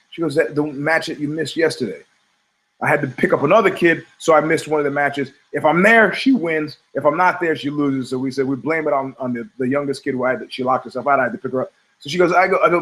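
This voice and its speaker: Middle-aged male podcast host, slightly high-pitched, sardonic and profane, rambling comic storyteller. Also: fast talker, fairly bright tone, rough recording. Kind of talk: rambling comedic monologue.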